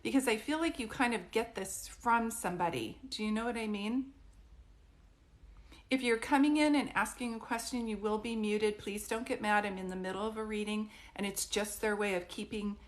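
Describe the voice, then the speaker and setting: A woman's voice: medium pitch, moderate pace. Woman giving a live-stream psychic reading. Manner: warm, reassuring, frequently checks in with "do you know what I mean?".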